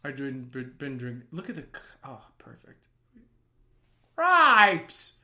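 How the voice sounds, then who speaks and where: A man who works as an actor and writer, giving casual watch-along commentary on a film in an excitable, gushing way that bursts into yelling. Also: medium pitch, normal speed.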